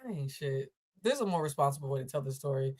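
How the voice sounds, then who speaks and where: A woman's voice: very deep voice, expressive, quick pace, darkish tone. A woman from Boston hosting a live stream, reacting bluntly and profanely to a viral clip and laughing often. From Boston, USA.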